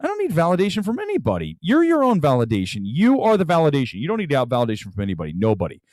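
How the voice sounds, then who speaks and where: A man's voice: fairly high pitch, wildly swooping pitch, rapid-fire, a little mellow, dry recording, clean studio sound. A man hosting a casual livestream as a movie critic, ranting bluntly and combatively, often repeating himself for emphasis.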